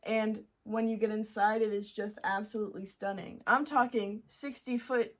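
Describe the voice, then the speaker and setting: Young woman from Montreal, interview guest, relaxed and chatty, middle-pitched. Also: moderate pace. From Montreal, Canada. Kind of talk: casual interview chat.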